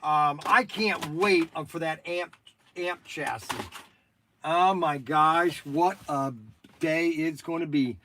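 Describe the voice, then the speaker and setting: A man's voice: on the high side, fairly even intonation, takes it slowly, bright, forceful tone, a little hiss or hum. A man who owns a toy shop, chatting casually on a livestream while packing orders, with frequent exclamations.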